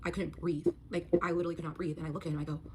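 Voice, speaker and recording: A woman telling her personal story in a quick, breathless storytime monologue. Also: low-pitched, level tone. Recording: noisy clip.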